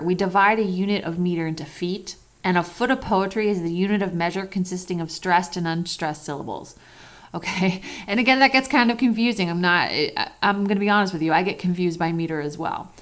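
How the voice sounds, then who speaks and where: A woman teaching a lecture in a conversational way, asking rhetorical questions and checking in often with "okay" and "all right". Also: mid-range voice.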